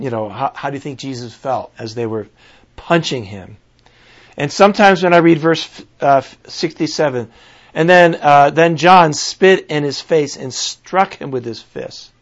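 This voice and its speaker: Earnest man preaching, lo-fi sound. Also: a little high. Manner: earnest, pausing, restarts and fillers while reflecting. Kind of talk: sermon with scripture reading. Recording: dull lo-fi recording.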